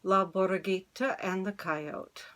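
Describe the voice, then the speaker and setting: Slow, expressive woman reading a story. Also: medium pitch. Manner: expressive, slow read-aloud. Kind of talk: reading a children's picture book aloud.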